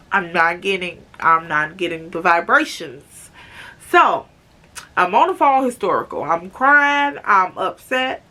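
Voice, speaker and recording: Young woman, storytime vlog, dramatic and chatty, slow unhurried delivery. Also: medium pitch, bright, forceful tone. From Chicago, USA. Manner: dramatic, chatty, keeps calling viewers "girl". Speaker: vlogger.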